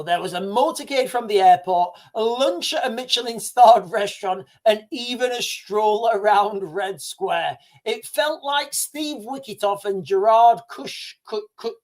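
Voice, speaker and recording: A middle-aged man giving casual livestream commentary, rambling, repeating himself and calling viewers guys. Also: sits high. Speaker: livestream host.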